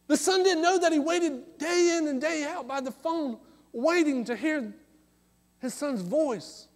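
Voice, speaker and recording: A man preaching an impassioned sermon in a church, moving between loud calls and hushed asides. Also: very high-pitched, unhurried. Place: church sanctuary. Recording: long hall reverb.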